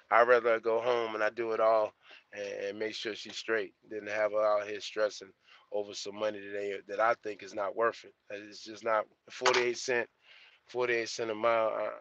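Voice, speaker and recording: Chill young trucker guy talking to his viewers on a live stream, bright forceful voice, kinda dull dry sound. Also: on the low side, dry recording. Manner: laid-back, slangy, repeats himself. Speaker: trucker vlogger. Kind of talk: casual live-stream chat. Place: truck cab.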